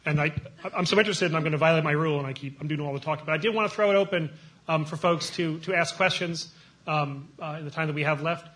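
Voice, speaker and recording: A man moderating a panel discussion, chatty and quick, often breaking off and restarting his sentences. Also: a little high, a bit bright.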